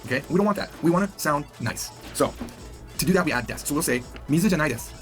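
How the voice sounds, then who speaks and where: A man gives a recorded language lesson at a rapid clip, his somewhat high voice rising and falling with plenty of life. He keeps it playful and acts out the example lines he explains. The tone stays that of a teacher on video. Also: lively intonation, fairly bright tone, soft background music.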